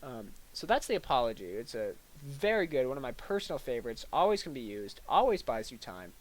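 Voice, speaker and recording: The young man's parody lecture is deadpan and faltering, full of filler words, with mock gravity and a few small acted-out asides. He speaks in a mid-range voice, and the recording is low in quality.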